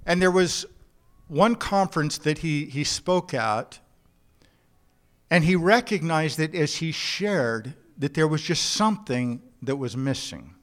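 A man preaching a sermon in an earnest, unhurried way, sometimes halting and repeating words as he builds a point. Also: a little high, lively intonation, a bit bright. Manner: earnest preaching with told jokes and a drawn-out, halting delivery. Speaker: pastor.

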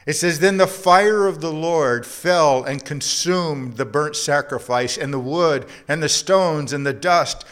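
A man preaching a sermon, reading scripture and acting out the voices in the story, dropping to a hush for emphasis. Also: mid-range voice.

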